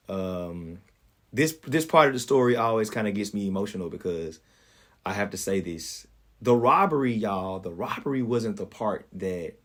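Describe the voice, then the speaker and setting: A young man hosting his own podcast tells a personal story straight to his listeners. His voice sits a little low. He talks in an earnest, preacherly way and keeps calling them y'all. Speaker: podcast host. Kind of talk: storytelling monologue.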